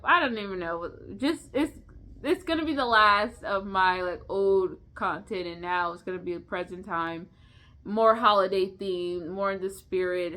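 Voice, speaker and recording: A woman's voice: medium pitch, pushed and bright. A young woman talks to her viewers in a loose, unscripted vlog. She rambles from thought to thought, stumbles and restarts words, and laughs often as she goes. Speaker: vlogger. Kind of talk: casual unscripted vlog chat.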